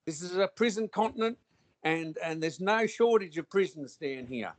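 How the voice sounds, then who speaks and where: Australian man, high voice, blunt rambling chat, dry close sound. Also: animated, normal speed, no echo. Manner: rambling, blunt, with frequent restarts and slang. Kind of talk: casual conversation.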